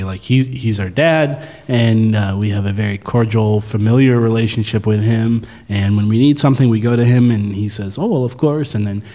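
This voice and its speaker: Mellow low-voiced man in a reverberant room. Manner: relaxed, hesitant with frequent fillers. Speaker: podcast co-host. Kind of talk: casual podcast chat.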